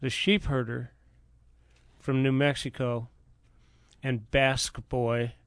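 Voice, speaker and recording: A man's voice: medium pitch, flat delivery, takes it slowly, dry recording, studio quality. A man co-hosting a radio talk show, with hearty, folksy banter. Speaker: radio co-host.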